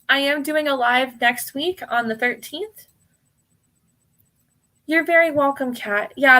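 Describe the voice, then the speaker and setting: An American woman hosts a live tarot reading stream and talks straight to her viewers. Her voice sits a touch higher than most. She is casual and apologetic, laughs often, and calls people hon while working through her list. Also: pushed and bright.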